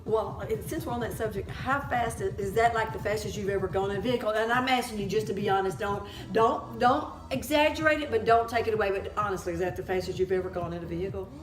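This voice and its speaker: A woman's voice: mid-range voice, quick pace, few pauses. A woman chatting casually, telling stories with lots of laughter and animation. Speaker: co-host. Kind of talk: casual chat. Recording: echoey room with music behind.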